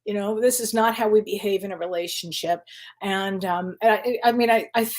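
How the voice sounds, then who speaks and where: A woman's voice: medium pitch, moderate pace. A woman, a spiritual medium and psychotherapist, hosting a casual live Q&A stream. She chats easily, greets viewers by name and laughs often. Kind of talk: casual livestream chat.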